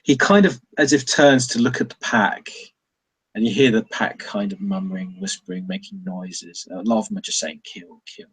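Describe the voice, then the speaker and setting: Husky-voiced man running a tabletop game. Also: medium pitch, expressive, brisk, a bit bright. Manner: rambling, hesitant with fillers. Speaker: game master.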